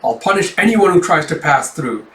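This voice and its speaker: A man's voice: on the high side, lively intonation, moderate pace, bright, forceful tone. A man voicing an earnest young male lord who firmly protects his village. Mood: firm resolve. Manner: firm, dutiful declarations. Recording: roomy, distant mic.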